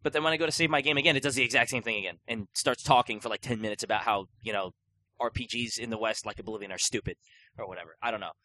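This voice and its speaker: A man's voice: fairly low pitch, racing, bright, forceful tone. A young man co-hosting a podcast, chatting casually in a rambling way with lots of fillers and restarts. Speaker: podcast co-host. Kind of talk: casual chat.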